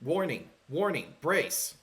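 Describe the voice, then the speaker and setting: A man's voice: on the high side, sing-song, slow pace, a bit bright, pitched above the performer's own voice, exaggerated voice. A man voicing a dropship alarm computer. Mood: urgent. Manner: clipped repeated alarm calls. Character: dropship warning computer, urgent.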